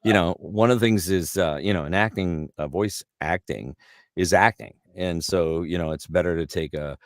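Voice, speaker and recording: Deep-voiced middle-aged guy from canada, rambling animated stories, dry sound. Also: normal speed, no echo. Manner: animated anecdotes with lots of restarts and fillers. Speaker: guest voice actor. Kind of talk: casual interview storytelling.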